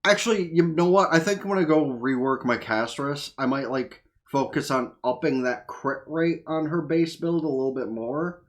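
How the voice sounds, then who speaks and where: A man's voice: a little high, normal speed, hardly any pauses. A tired man giving casual reaction commentary as a gaming YouTuber, rambling and offhand, swearing freely.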